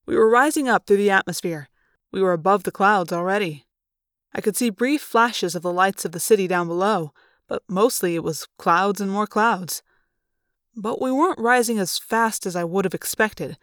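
A woman narrating a novel in first person with a plain, even telling. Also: medium pitch, moderate pace, dry recording, clean studio sound. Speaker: audiobook narrator. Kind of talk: storybook narration.

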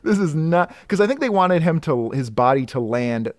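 A man's voice: on the high side, animated, moderate pace, no echo, studio quality. A man co-hosting a casual podcast, critiquing a comic with exasperated, nitpicking energy. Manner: exasperated, picks apart details. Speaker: podcast co-host reviewing a comic.

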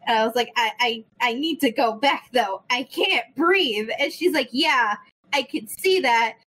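A young woman telling a story in casual chat, animated, swearing freely and acting out the people in it. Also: a little high, moderate pace, breathy edge, low-quality recording. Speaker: podcast host.

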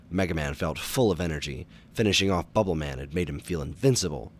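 A man reading a children's action storybook aloud in a steady, expressive way. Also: very deep voice, fast talker, few pauses, a little hiss or hum. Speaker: narrator.

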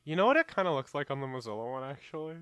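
A young man with a bright, lively voice that swings widely in pitch co-hosts a comedy podcast. He turns exasperated in a flash and cracks deadpan jokes. The recording is close and dry. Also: very fast, smooth, no room sound. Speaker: podcast co-host. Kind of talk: casual comedic chat.

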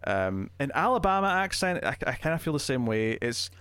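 A man's voice: mid-range voice, very animated, fairly quick, fairly bright tone, clean tone. A man co-hosting a casual film review podcast, talking in a chatty, hesitant way with many restarts. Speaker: podcast co-host.

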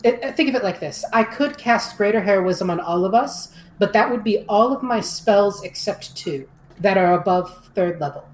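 A young woman playing a tabletop game in casual chat, excitable, swearing freely and stammering when upset. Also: mid-range voice, normal speed, echoey room, a little hiss or hum, low-quality recording.

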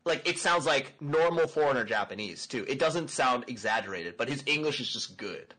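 Casual co-host, male, bright tone, animated, restarts sentences with repeated words. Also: mid-range voice, normal speed, poor audio. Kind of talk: casual chat.

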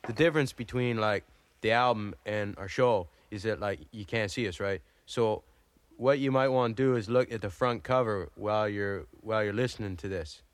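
An actor playing a dim, easily flustered Canadian hoser on a comedy album, rambling and bickering with lots of fillers in a Canadian accent. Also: male voice, on the low side, normal speed, close to an everyday voice. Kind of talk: improvised comedy album sketch.

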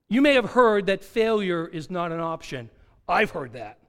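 A man preaching a sermon, telling a personal story and repeating key phrases slowly for emphasis, swinging between quiet and loud. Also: sits high, big pitch swings, clean tone.

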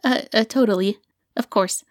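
A woman's voice: a little high, normal speed, no room sound, clean studio sound, lightly acted. An actress playing a young woman student who talks nervously, stammering with many fillers. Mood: anxious. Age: young adult. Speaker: student and podcaster.

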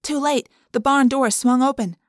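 A woman's voice: sits high, normal speed, dry recording, studio quality. A woman narrating an audiobook in a plain, conversational first-person storytelling way.

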